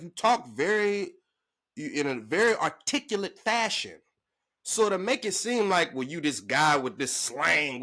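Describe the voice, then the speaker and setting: Fired-up dude going off in a vlog rant, kinda high forceful voice, lots of bruh and big dog. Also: male voice. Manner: emphatic, slangy, calling the listener "bruh" and "big dog"; animated, pitch jumping high when worked up. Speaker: sports vlogger. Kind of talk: ranting commentary to camera.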